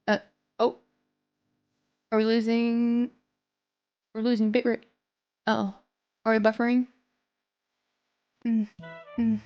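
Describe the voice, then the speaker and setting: A woman's voice: on the high side, level tone, slow pace, pauses often, lo-fi sound. A woman streamer chatting casually and playfully to her live chat.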